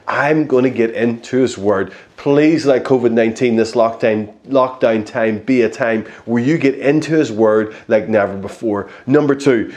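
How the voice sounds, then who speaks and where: A young man pastor delivering a sermon in an easy, conversational voice. He preaches with animation, slipping into playful acted-out quotes, and his voice sits at an ordinary middle pitch. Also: darkish tone.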